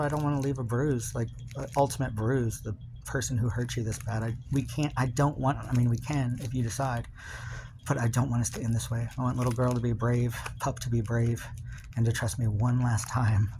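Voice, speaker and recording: A man's voice: medium pitch, fairly even intonation, moderate pace, background noise. A man recording a personal video message to his partner, rambling and confessional, full of fillers and restarts.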